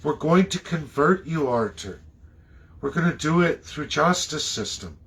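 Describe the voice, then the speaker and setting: A man from Canada delivering an impassioned, preachy monologue, swinging between loud outbursts and low muttering. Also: lively intonation, unhurried. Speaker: political commentator.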